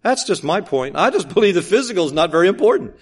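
Pastor, man, high voice, insistent sermon with hushed asides. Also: very animated, fast talker, husky. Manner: emphatic, repetitive rhetorical questions, swings between loud and hushed.

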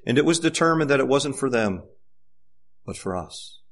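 Impassioned preacher, voice soaring and dropping. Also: male voice, medium pitch, expressive, moderate pace. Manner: impassioned preaching, swinging from loud to hushed. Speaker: pastor. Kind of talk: sermon.

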